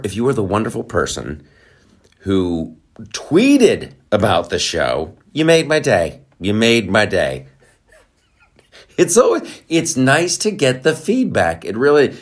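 Lively, rambling male podcast host. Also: lowish voice, moderate pace. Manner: playful, rambling, goes off on tangents; jokey and excitable, swings between loud bursts and quiet asides. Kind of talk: casual monologue podcast.

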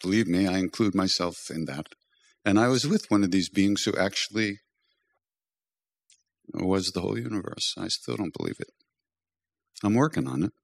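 An older man giving a storytelling spiritual talk, gently humorous and self-deprecating, as a teacher and podcast host. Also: sits low, lively intonation, moderate pace, vocal fry, pauses often.

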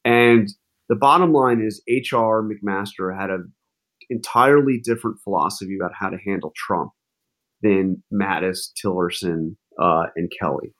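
Animated man telling a story. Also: lowish voice, moderate pace. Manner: animated, with many restarts and fillers. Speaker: journalist guest. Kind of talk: casual interview storytelling.

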